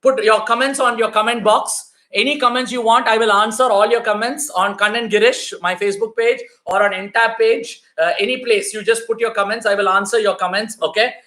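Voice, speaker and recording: A man's voice: sits high, steady tone, fairly quick, few pauses, sharp tone. Emphatic man coaching parents in an echoey room. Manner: emphatic, repeats key points, coaxing the audience. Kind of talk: live online talk answering viewer questions.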